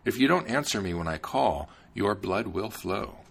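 Bossy fairy tale king by a guy, low husky voice, lots of ups and downs. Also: expressive, normal speed, full character voice. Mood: stern. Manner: stern, commanding. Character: demanding fairy-tale king setting impossible tasks.

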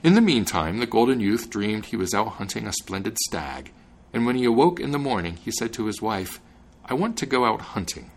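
A man hosting a podcast, narrating a fairy tale in an expressive reading voice. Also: on the low side, fairly quick. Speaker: podcast host and reader. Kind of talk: storybook narration.

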